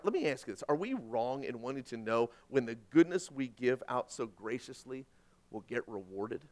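A man preaching a sermon, swinging between quiet asides and loud, dramatic questions. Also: a little high. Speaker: pastor.

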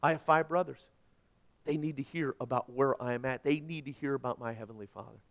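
A man's voice: mid-range voice, brisk, a bit bright, lightly acted. A man voicing a tormented rich man in hell, desperately begging and repeating his pleas. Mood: urgent.

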